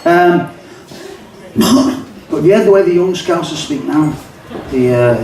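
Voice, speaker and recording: Brief: older Liverpool-accented man, fairly high voice, reciting rhyming verse live, mic far off in a boomy pub. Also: normal speed, pauses often, darkish tone, reverberant, a little hiss or hum. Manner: rhythmic, rhyming recitation with chatty asides. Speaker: poet and songwriter. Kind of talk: live poetry reading. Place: pub function room, live audience.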